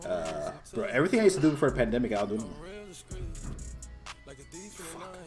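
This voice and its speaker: A man's voice: mid-range voice, very animated, quick pace, a little mellow, soft background music. A young man co-hosting a podcast in loose casual chat, swearing freely and laughing often. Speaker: podcast co-host.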